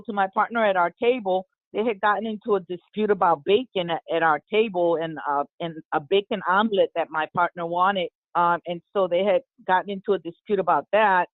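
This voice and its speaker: A woman, an eyewitness, recounting an incident in an interview, halting with many fillers and restarts. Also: medium pitch, dry recording. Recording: tinny phone-line audio, dry.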